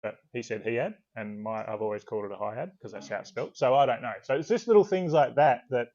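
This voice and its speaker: An Australian author talking casually in an interview, a relaxed, rambling storyteller who swears now and then. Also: male voice, medium pitch, fast talker, highs cut off. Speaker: author guest. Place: video call.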